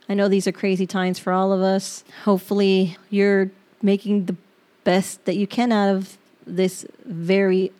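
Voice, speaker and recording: A middle-aged woman hosting a personal podcast, reading her own journal aloud. She talks in an open, reflective, halting way and gets choked up near tears. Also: mid-range voice, darkish tone. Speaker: podcast host.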